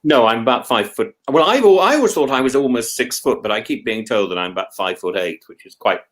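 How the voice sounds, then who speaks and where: A man's voice: mid-range voice, animated, quick pace, a bit bright. A middle-aged man from England, co-hosting a casual chat, who keeps restarting and repeating words as he talks. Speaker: co-host.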